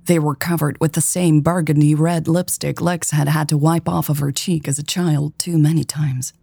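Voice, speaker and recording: A woman hosting a romance podcast and reading a story in a calm, measured way. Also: sits low, gravelly, slightly rough, dry recording, studio quality. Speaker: podcast host and narrator. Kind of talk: audiobook story narration.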